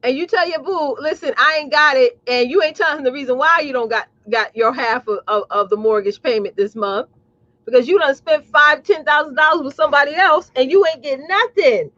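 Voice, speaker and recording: Woman, business coach, blunt, sassy, fairly high voice, dry dull stream audio. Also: fairly quick, fairly bright tone, no echo. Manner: blunt, sassy, preachy, addresses audience as y'all. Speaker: business coach and talk show host. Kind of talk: live streamed motivational talk.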